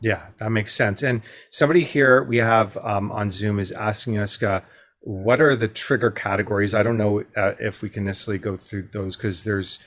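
A man with a low-pitched voice co-hosting a parenting workshop. He sums up what he heard and affirms it, and speaks some example lines in a soft hush. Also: fairly even intonation, normal speed. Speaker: workshop co-host. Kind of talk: workshop talk.

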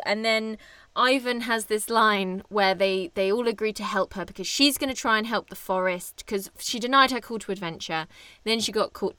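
A woman's voice: medium pitch, fairly bright tone, no room sound. A young adult woman co-hosting a podcast, talking casually and animatedly about a film, laughing often. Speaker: podcast co-host.

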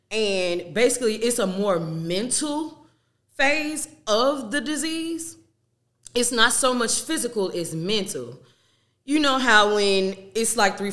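A young woman talks straight to her listeners in a casual, emphatic style, sprinkling in slang and the odd curse. Her voice is bright and forward, and her pitch sits in the middle for a woman. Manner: candid, emphatic, uses slang and swearing. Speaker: podcast host.

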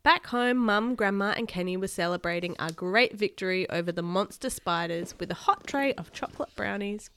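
A woman reading a children's chapter book aloud to a child as a teacher, animated and doing sound effects. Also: mid-range voice, normal speed, few pauses, clean tone.

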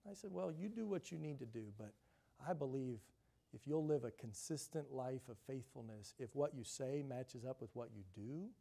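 A male pastor preaching a sermon, telling a story and quoting the people in it, sometimes dropping to a hush. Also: medium pitch, lively intonation, normal speed, creaky. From grew up in a big city. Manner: storytelling, quoting others in shifting voices, drops to a hush.

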